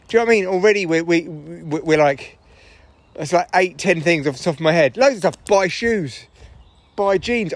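A man's voice: fairly high pitch, no echo. A man, a comedian, rambling through a casual solo podcast while walking his dogs in the woods. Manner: chatty, rambling, swears freely.

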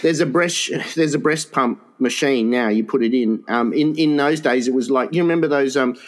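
A man's voice: medium pitch, normal speed. A man co-hosting a comedy podcast who trades crude banter, teases his partner and laughs often. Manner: laughs often, teasing interjections. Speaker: podcast co-host.

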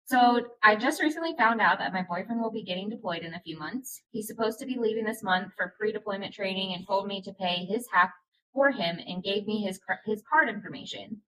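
A woman co-hosting a podcast, reading a forum post aloud in a steady, plain way. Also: medium pitch, fairly quick, rough recording. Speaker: podcast co-host.

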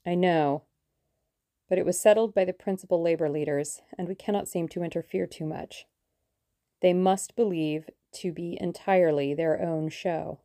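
A woman reading an audiobook, voicing a businesslike male German conspirator with a clear voice. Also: fairly low pitch, steady tone, normal speed, warm tone, no room sound, clean studio sound, natural voice. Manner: crisp, matter-of-fact.

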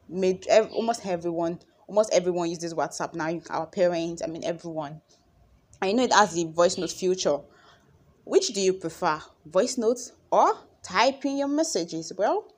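A young woman with a Nigerian accent, talking casually to her followers in a chatty, expressive way. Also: on the low side. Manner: chatty and expressive, acts out conversations. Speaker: vlogger.

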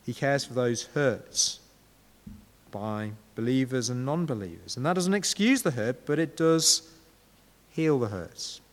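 A man's voice: mid-range voice, expressive, unhurried, big-room sound. A man preaching a sermon in a conversational way, often asking his listeners rhetorical questions.

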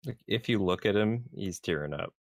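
A man playing a tabletop game, unhurried and rambling as he describes his character. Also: lowish voice, lively intonation, no echo, studio quality. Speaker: player.

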